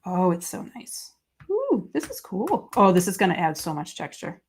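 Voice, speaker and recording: A woman's voice: medium pitch, normal speed, slight background noise. A woman hosting a live papercrafting stream, chatting casually with viewers and reading their comments while she works. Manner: chatty, reads viewer comments aloud, excitable. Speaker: host of a live crafting stream.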